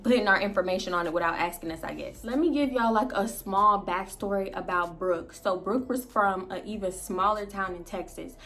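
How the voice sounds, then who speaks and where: Animated young woman telling a story. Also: mid-range voice. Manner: animated, slangy, swears freely. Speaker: vlogger. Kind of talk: casual storytelling.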